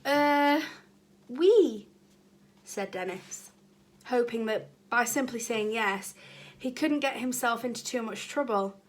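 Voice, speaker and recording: Higher-voiced teacher reading a storybook aloud. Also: female voice, a little slow, fairly bright tone. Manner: chatty asides to the children. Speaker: primary school teacher. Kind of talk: reading a children's book aloud.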